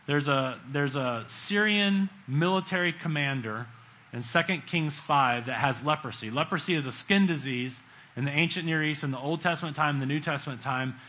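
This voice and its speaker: A middle-aged man preaching a sermon in a conversational way, acting out quotes and swinging between loud bursts and hushed lines. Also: on the high side, moderate pace, low-quality recording.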